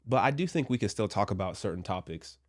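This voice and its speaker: Chatty man giving casual commentary, lowish voice. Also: lively intonation, fast. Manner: chatty, joking asides, speaks from a Christian view. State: a little sick. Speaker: commentary vlogger.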